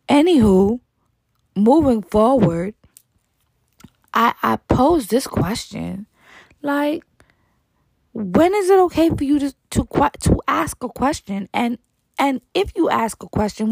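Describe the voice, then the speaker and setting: A woman tells a dating story straight to the listener, swearing freely and acting out what each person said. Her voice has a gravelly, fry-laden edge. The sound is dry and close, with no room around it. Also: on the high side, dry recording. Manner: animated, profane, mimics quoted dialogue. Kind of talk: casual storytime monologue.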